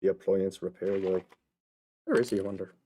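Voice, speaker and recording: Mellow low-voiced man rambling playfully. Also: steady tone, a little fast, a little hiss or hum. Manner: rambling, playful, chatty asides to viewers. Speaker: vlogger and actor. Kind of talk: casual solo vlog monologue. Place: at home, indoors.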